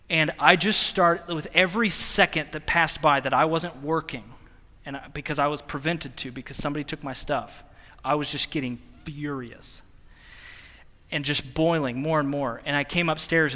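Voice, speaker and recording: Bright-voiced young man preaching in a hall. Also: fairly high pitch. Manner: animated, self-mocking storytelling with laughter. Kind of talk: sermon storytelling. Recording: long hall reverb.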